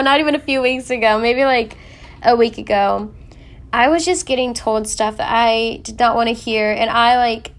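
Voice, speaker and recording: A young woman sharing a personal faith testimony in an earnest, emotional way, with many fillers. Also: on the high side. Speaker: faith vlogger.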